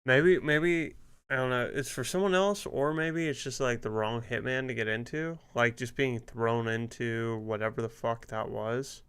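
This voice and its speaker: A male gaming streamer talks through his play in loose, rambling commentary. He sounds annoyed and swears often, with a smooth, clear voice at an ordinary pitch. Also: unhurried, a bit bright. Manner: irritated, rambling, swears a lot.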